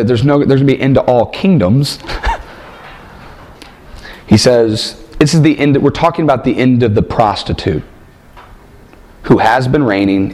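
Animated man lecturing on scripture. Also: medium pitch. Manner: animated, rhetorical questions, emphatic. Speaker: Bible teacher. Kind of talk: classroom lecture.

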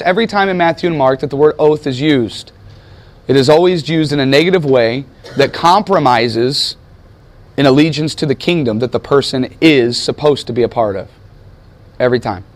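An American man teaching a sermon in a conversational way, asking his listeners questions and searching aloud for words. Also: a little high. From United States. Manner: conversational, asks the audience questions. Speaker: pastor.

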